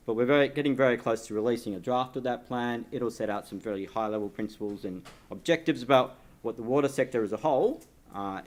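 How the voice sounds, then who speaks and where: A man presents to an industry breakfast seminar at a middling pitch. He speaks steadily, pausing on fillers and restarting phrases as he goes. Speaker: government department manager presenting. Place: conference venue.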